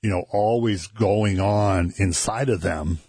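A man chatting casually about scripture on a talk show, relaxed and chuckling as he tells stories. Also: on the low side, takes it slowly, slightly rough, no echo, clean studio sound. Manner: conversational, chuckling, relaxed storytelling. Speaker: co-host discussing scripture. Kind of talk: casual Bible discussion.

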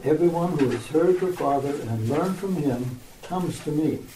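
A man reading a scripture passage aloud in a measured, formal way. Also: on the high side, mellow, reverberant, slight background noise, poor audio.

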